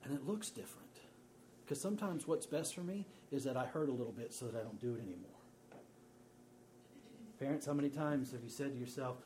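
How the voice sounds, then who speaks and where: A man in his thirties preaching in a relaxed, conversational way, with joking asides. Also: medium pitch, a little fast, long pauses, slight background noise. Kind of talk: sermon.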